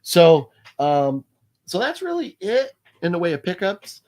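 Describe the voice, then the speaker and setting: A man's voice: sits high, huge pitch swings, measured pace, darkish tone. A man hosting a live movie news stream, chatting casually and rambling, with many fillers and restarts while he reads viewer comments aloud.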